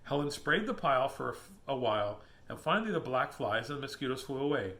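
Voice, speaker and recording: A man reading a children's picture book aloud, animated and chuckling at the pictures. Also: medium pitch, quick pace. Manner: animated, chuckling asides to the listener.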